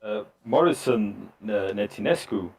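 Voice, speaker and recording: A man's voice: fairly low pitch, lively intonation, measured pace, a little mellow, husky, full character voice. A man voicing a nervous male dinner guest in a tabletop game, hesitant and evasive.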